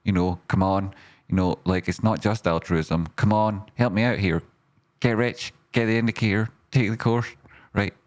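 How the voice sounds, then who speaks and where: A man hosting a stock market show, giving casual chart commentary that rambles, swears freely and swings into loud rants. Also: lowish voice, fairly even intonation, moderate pace. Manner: talks to himself and his audience.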